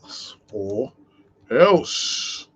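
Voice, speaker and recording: A man hosting a solo live fan-channel stream, ranting and talking to himself in an animated way. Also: mid-range voice, extremely slow, slightly rough. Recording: dull lo-fi sound.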